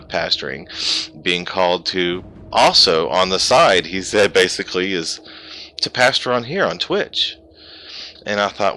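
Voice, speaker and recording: A pastor and streamer in his thirties gives a heartfelt personal testimony over a gaming headset, his low-pitched voice carrying a sharp tone. He's emotional and rambles, frequently restarting his sentences.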